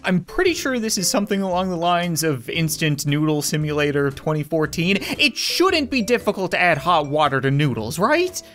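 A woman giving comedic let's-play commentary, swinging between panicked squeals and dry sarcastic calm. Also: deep voice, moderate pace, hardly any pauses. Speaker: gaming video host.

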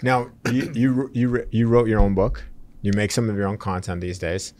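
Deep-voiced male podcast host. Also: level tone, normal speed, darkish tone, slight background noise. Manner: casual, short encouraging replies. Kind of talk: interview questions.

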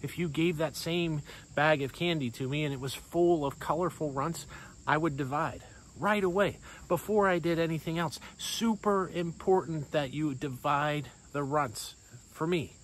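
A man giving a sermon as a pastor, in a playful, conversational storytelling manner with lively swings in voice. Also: a little high, moderate pace, a little hiss or hum, low-quality recording.

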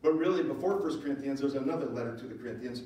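A male pastor preaching a sermon, moving between loud emphatic lines and low, quiet asides. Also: very fast. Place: church sanctuary. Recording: very echoey hall, voice from far off.

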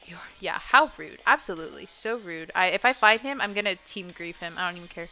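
A woman's voice: medium pitch, a little fast, bright, forceful tone, faint music behind. A young woman streaming a game and chatting casually, swearing constantly and playfully. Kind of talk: casual gameplay chat.

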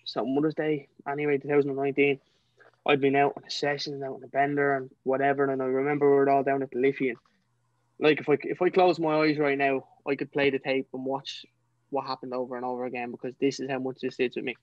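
A man's voice: medium pitch, flat delivery, quick pace, no room sound, dull audio. A young man with a Dublin Irish accent, a podcast guest telling his personal story in an earnest, emotional way, often saying "you know". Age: young adult.

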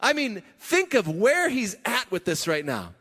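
Preaching a sermon in a church sanctuary, a high-voiced pastor's words ring with a long hall reverb. He's conversational yet emphatic, chuckling and restarting lines, with huge pitch swings, a slightly slow pace and a bright, forceful, husky tone.

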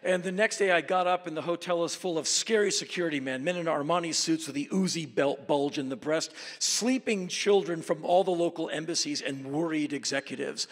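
A man spins travel tales in an animated, emphatic monologue, his voice gravelly and set a little high for a man. He swings from quiet asides to sudden shouted bursts. A long reverb from a large hall trails after each phrase. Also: brisk, few pauses. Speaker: speaker telling travel stories.

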